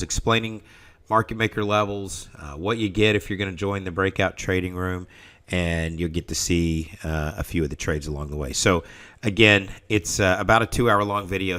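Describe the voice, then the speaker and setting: A trading room host with a deep, slightly bright voice runs a live trading session, giving casual market commentary. He rambles and frequently starts his sentences over.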